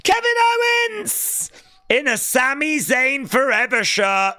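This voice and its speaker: A man hosting a live watch-along stream, reacting excitably to the action and reading out viewer chat messages. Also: very high-pitched, slow pace. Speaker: livestream host.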